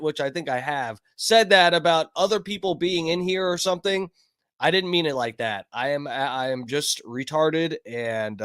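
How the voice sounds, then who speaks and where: A man hosting his own live stream, rambling casually with plenty of swearing and shout-outs to chatters by name. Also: fairly high pitch, clear, resonant tone, no room sound, clean studio sound. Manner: rambling, profane, greets chat by name. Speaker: livestream host.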